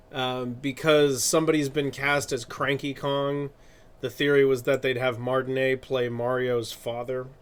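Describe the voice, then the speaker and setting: This man, a streamer and artist, keeps up rambling, casual live-stream chatter, laughing frequently and self-correcting. His voice has a medium pitch with a slightly bright quality.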